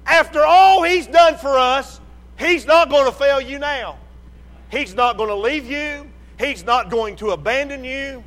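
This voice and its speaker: A man preaching a sermon with slow emphatic delivery, rising to shouts and dropping low. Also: in a large hall.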